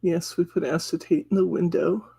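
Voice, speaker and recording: A man's voice: fairly high pitch, steady tone, normal speed, creaky, warm tone, breathy edge. A man hosting a live craft demonstration in a chatty way, laughing often and greeting viewers by name. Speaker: craft class host. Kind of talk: live craft demo chat.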